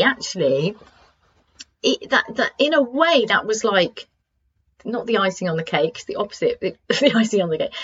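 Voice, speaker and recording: A woman speaks gently and openly, coaching professional women in casual talk to her listeners. She laughs easily at herself as she goes. The sound is a little dull and muffled. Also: mid-range voice, breathy edge.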